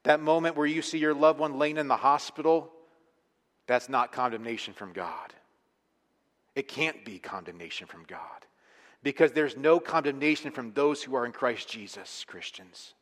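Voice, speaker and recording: A man preaching a sermon as pastor, emphatic, moving between hushed and forceful delivery. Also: medium pitch, normal speed. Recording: long hall reverb.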